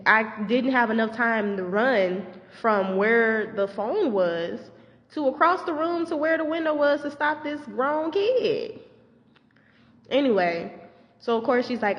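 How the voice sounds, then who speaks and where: Expressive woman telling a story in an echoey room. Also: on the high side, a little slow. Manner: expressive storytelling with swearing, acting out shouted quotes. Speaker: teacher. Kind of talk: storytime vlog. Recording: echoey, dull lo-fi audio.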